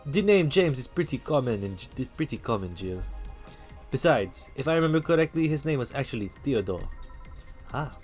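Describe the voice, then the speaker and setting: A man voicing a worldly bar patron who tells dark stories, in a put-on, vaguely Russian accent with a measured, lowered delivery while reading game dialogue aloud. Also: sing-song, lightly acted. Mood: storytelling. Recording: faint music behind.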